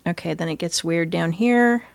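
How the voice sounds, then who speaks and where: Wry woman with a gravelly low voice. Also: normal speed, no room sound. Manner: wry and amused, laughing between reads. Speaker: commentator reading out a chatbot's output. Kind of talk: casual commentary.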